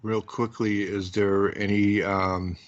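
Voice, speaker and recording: A man hosting a paranormal radio talk show, easygoing and a little halting as he speaks. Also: on the low side, little pitch movement. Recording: lo-fi internet radio audio.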